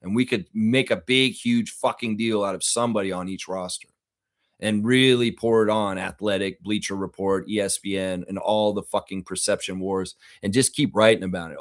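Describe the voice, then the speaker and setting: A man's voice: lowish voice, fairly quick. A man with a profane, heated manner, hosting a live reaction stream and reading out viewer comments. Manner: reads viewer comments aloud.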